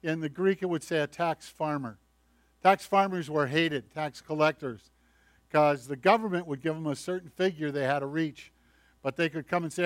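A male pastor giving a conversational sermon, telling the story in a lively way with acted voices. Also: fairly high pitch, moderate pace, dry recording. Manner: conversational, animated storytelling preacher who acts out voices.

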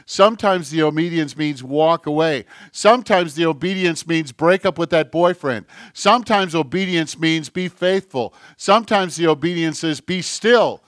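A man's voice: fairly high pitch, moderate pace, few pauses, a bit bright, dry recording, studio quality. A man preaching a sermon as pastor, earnest, with a repetitive, building cadence.

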